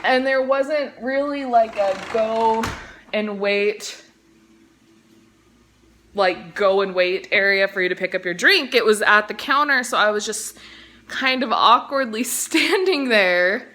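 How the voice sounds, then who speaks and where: Slow, bright-voiced rambling Californian young woman. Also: fairly high pitch. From Central Valley, California. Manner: rambling, easily sidetracked, heavy "like" filler, swears casually. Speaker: vlogger. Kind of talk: casual storytime chat. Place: home kitchen, cooking. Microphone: phone held in one hand.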